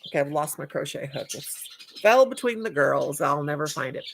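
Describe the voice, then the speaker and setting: An older woman hosting a casual live stream, chatting warmly with viewers and calling them darling and honey. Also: deep voice, expressive, a little fast, creaky, slight background noise. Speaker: livestream host. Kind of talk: casual live-stream chat reading comments.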